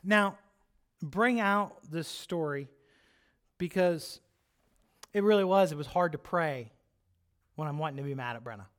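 A man preaching, telling a personal story in an animated, chatty way, with lots of "like" and "right?". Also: on the high side, a little slow, pauses often. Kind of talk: storytelling sermon.

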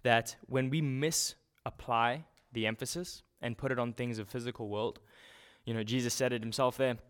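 A man preaching a sermon in a relaxed, conversational way, often restarting and using fillers. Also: mid-range voice, normal speed, clear, resonant tone.

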